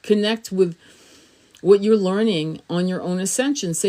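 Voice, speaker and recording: A woman's voice: mid-range voice, measured pace, dark tone. A middle-aged woman giving a spiritual tarot reading to camera, blunt and emphatic, swearing freely and laughing often as she talks. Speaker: tarot reader. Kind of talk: casual spoken reading to camera.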